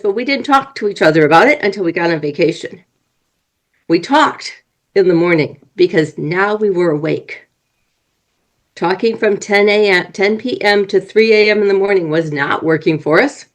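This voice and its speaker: A woman's voice: mid-range voice, low-quality recording. A woman speaking as a guest on an interview podcast, explaining in an earnest way and working through examples. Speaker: marriage and family coach.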